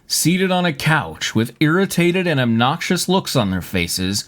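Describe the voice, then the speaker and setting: A man's voice: a little high, big pitch swings, measured pace, fairly bright tone. A male podcast host reading fanfiction aloud for laughs, mock-dramatic and often breaking into laughter.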